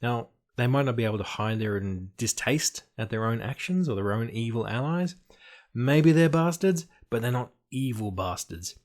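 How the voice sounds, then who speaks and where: A man's voice: mid-range voice, expressive, normal speed, darkish tone. A man giving an explanatory talk on tabletop game design, emphatic and dry, with playful asides.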